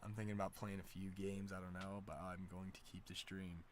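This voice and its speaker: A man's voice: low-pitched, little pitch movement, fairly quick, slight background noise. A man streaming from home, telling stories in a loose, profane, laid-back way. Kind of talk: casual storytelling chat.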